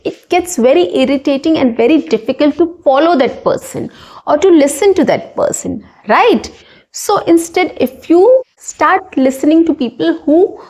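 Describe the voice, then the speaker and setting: A woman's voice: high-pitched, darkish tone. A woman teaching an English speaking lesson, explaining step by step and checking in with "okay" and "right".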